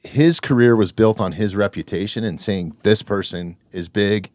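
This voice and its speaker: A man hosting a podcast, chatting in a relaxed, reflective way with many fillers. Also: lowish voice, moderate pace, no room sound. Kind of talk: casual conversation.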